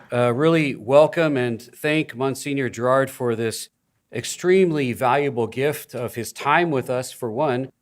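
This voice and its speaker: Earnest man introducing a speaker. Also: mid-range voice. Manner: earnest, with halting restarts. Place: conference hall.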